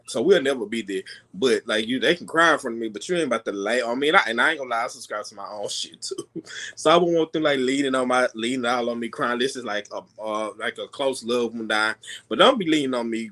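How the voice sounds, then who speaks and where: A man's voice: medium pitch, bright, forceful tone. A man co-hosting a casual chat show, talking emphatically with slang. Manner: emphatic, slangy, laughs a lot. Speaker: co-host.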